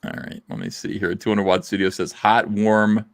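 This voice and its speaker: Guy hosting a stream, swearing, lots of uh's, lowish voice, dry close mic. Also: flat delivery, quick pace, creaky, dry recording. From South Jersey, USA. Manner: rambling, profane, lots of fillers. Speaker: live stream host reading chat. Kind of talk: casual live stream chat.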